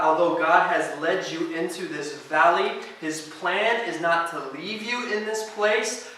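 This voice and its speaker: Echoey, high-voiced preaching man. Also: a little hiss or hum. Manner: swings from hushed, slow emphasis to loud, urgent preaching. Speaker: youth pastor. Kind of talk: sermon. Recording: echoey hall heard from a distance.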